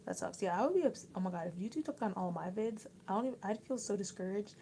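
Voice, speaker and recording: Chatty young woman livestreaming, mellow tone. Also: mid-range voice, lively intonation, quick pace, a little hiss or hum, low-quality recording. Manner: rambling and chatty, with many likes and restarts. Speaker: livestream host. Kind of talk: casual chat reading viewer comments.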